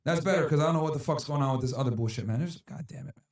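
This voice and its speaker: Guy streaming live, kinda high voice, swears a lot and rants back at chat, dry close sound. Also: racing, vocal fry, few pauses, darkish tone, no room sound. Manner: profane, ranting, talks back to chat. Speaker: streamer host. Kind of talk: casual livestream talk.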